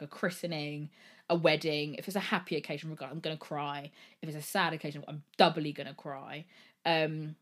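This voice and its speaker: A woman hosting a solo podcast, talking candidly and rambling, swearing freely as she goes. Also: low voice. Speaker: podcast host.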